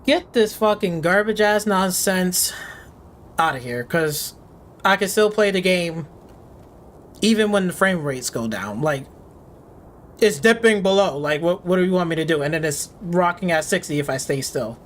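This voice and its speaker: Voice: mid-range voice, lively intonation, moderate pace, a little hiss or hum. A game streamer ranting in casual live commentary, swearing freely and sarcastic, faking panic and often repeating words. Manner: profane, sarcastic, mock panic.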